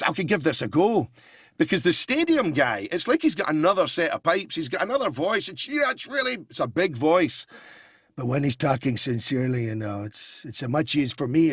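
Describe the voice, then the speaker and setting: A man chatting as an impressionist guest on a talk show, telling lively anecdotes and slipping into voices. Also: mid-range voice, slightly rough, no room sound, studio quality. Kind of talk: casual talk-show chat.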